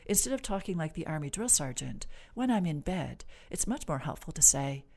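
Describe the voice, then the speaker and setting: A woman clinician, a guest on the podcast, explaining stress and sleep in a measured, reassuring, gently instructive way. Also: low voice, big pitch swings, vocal fry. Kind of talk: calm explanatory interview talk.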